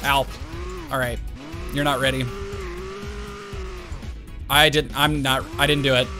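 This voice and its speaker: A man giving let's-play commentary as he plays a game, excitable and talking to the game and himself in jumpy outbursts. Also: medium pitch, measured pace. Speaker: gaming YouTuber. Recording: game music playing under the voice. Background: game music.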